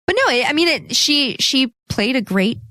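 A woman in her twenties talks casually as a podcast co-host, her pitch bouncing up and down a lot. She is chatty and giggly, and the recording is close and dry with no room sound. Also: big pitch swings, moderate pace, pushed and bright, dry recording. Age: 20s. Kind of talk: casual chat.

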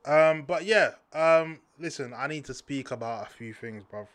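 A man's voice: fairly high pitch, normal speed, a bit bright, no echo. A man, ranting to camera in slangy, heated talk, repeating himself for emphasis. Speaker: vlogger. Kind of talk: casual ranting commentary to camera.

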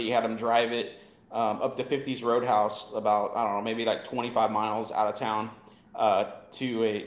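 Male podcast co-host, relaxed rambling anecdote teller, mid pitch, roomy echo. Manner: rambling, filler-heavy, laughing storyteller. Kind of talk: casual storytelling chat.

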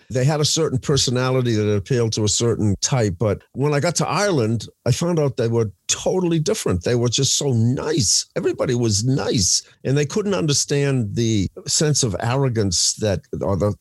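A man's voice: mid-range voice, animated, normal speed, few pauses, dry recording. A man from Boston, co-hosting a radio show and talking in a reflective, conversational way. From Boston, USA. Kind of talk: casual radio chat.

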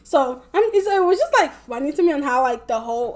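A woman's voice: high-pitched, animated, fast, few pauses. A young woman rambling casually in a vlog, packing her talk with fillers and swearing a lot. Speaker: vlogger.

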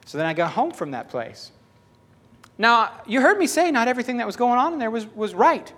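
Male preacher, high voice, very animated delivery, tells stories and acts out the dialogue. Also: brisk. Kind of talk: storytelling sermon.

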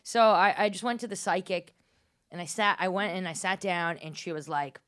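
A woman comedian, a guest on a podcast, telling a story in casual chat with a deadpan delivery. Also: fairly low pitch, moderate pace. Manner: deadpan storytelling, drops to whispers for quotes.

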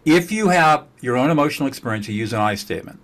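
A man speaking as a guest expert on communication, blunt and forceful, repeating words for emphasis and cursing at times. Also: mid-range voice, lively intonation, fast talker. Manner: slightly profane. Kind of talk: emphatic conversation.

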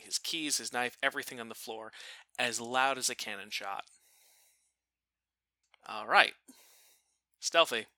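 A man casually telling a funny family story, animated and profane, laughing now and then. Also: medium pitch, no echo. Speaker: storyteller guest.

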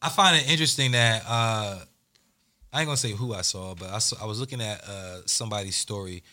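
A man's voice: lowish voice, a little fast, pushed and bright. A man from New Jersey hosting a casual podcast chat, joking and trailing off into mumbles. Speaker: podcast host.

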